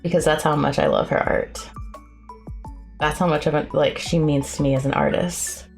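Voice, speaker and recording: A woman artist chatting casually on a co-working livestream, effusive and excitable, sometimes breaking into high squeals. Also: normal speed, creaky, soft background music. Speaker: artist streaming a co-working session.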